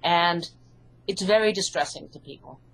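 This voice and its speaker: A woman with an English accent, an author and hypnotherapist, calmly explaining her ideas in an interview. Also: on the low side, normal speed, creaky, rough recording. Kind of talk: interview answers.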